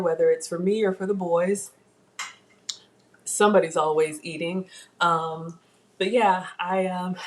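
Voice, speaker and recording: A woman's voice: lowish voice, darkish tone. Chatty middle-aged woman hosting a cooking stream. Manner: chatty, reads viewer comments aloud. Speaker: cooking livestream host. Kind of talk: casual livestream chat. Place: home kitchen.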